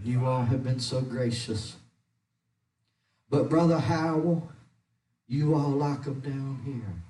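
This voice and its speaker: A pastor who preaches a holiness sermon, shouting with rhythmic, rising cadences and growing short of breath. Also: male voice, medium pitch, slow, pauses often. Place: church sanctuary. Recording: echoey church, mic at a distance.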